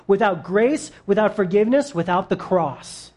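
A man's voice: on the high side, a little slow, a little mellow. A male pastor preaching a sermon in a casual, emphatic way, breaking down a Bible passage.

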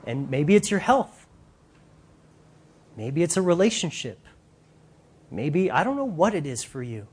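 A man preaching a sermon in an animated, casual way, using slang and acting out voices. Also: on the high side, measured pace, long pauses, slightly rough.

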